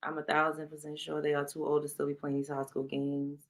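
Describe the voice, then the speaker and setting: A woman with a New York accent hosts a casual livestream in a deep, monotone voice that runs a little fast. She reads viewer questions from chat aloud and answers bluntly with plenty of profanity.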